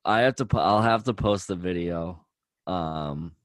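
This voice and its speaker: A man's voice: low-pitched, unhurried, dry recording, studio quality. A young man and podcast co-host in casual chat. He is laid-back and swears freely, chiming in with short agreements.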